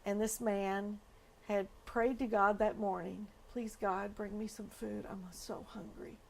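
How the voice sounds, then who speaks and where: Woman, pastor, mid-range pitch, documentary interview, earnest, emotional. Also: slight background noise.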